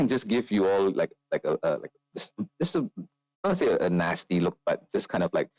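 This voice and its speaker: Deep-voiced man narrating a tabletop game. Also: very animated, fairly quick, a little mellow, no room sound, poor audio. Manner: rambling, with many fillers and restarts. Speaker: game master.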